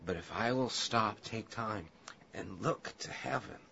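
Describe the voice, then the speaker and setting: A man preaching a sermon, telling a humorous personal story and then turning earnest and quiet. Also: fairly low pitch, a little slow, vocal fry. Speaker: pastor. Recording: dull lo-fi audio with faint hiss.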